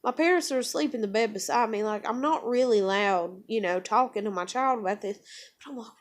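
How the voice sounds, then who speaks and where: A woman's voice: fairly high pitch, moderate pace, a bit bright. Middle-aged woman, casual rambling storytelling, swears, lots of fillers. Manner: rambling, profane, many fillers. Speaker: vlogger.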